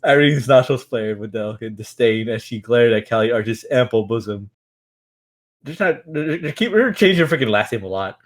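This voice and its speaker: A man with a mid-range voice reads a book aloud for a stream. His reading is casual and halting, full of restarts, slips and stifled laughter as he pushes on through the text. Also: medium pitch, animated.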